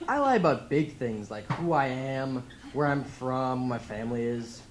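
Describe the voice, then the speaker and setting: A teenage boy tells deadpan stand-up stories on a club stage through a handheld mic. His pitch moves in a lively way. The recording is noisy. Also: normal speed, few pauses. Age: teens. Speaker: stand-up comedian. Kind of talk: stand-up comedy set.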